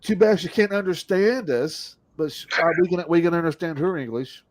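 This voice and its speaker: A male podcast host with a slightly high voice keeps things loose. He jokes and curses casually as he chats with guests. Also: animated, fairly quick, slight background noise. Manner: loose, joking, swears freely. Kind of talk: casual interview chat.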